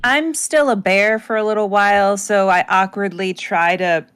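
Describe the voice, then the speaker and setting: A woman's voice: mid-range voice, moderate pace, a bit bright, clean tone. A woman playing a tabletop game, easygoing and prone to giggling. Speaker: player. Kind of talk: casual tabletop play.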